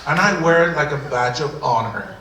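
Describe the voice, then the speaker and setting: Recorded through a distant mic in a roomy, noisy hall, an improv actor performs live on a theater stage as a brash, defensive Spanish-accented immigrant comedian. His slightly high voice moves at a moderate pace, mocking, lively, rambling and stammering.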